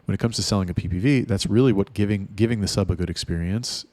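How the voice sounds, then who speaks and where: A man's voice: on the low side, fast talker, a little mellow, no room sound. A man coaching his sales staff in a casual monologue, blunt and profane, rambling with restarts. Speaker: sales trainer for chat staff.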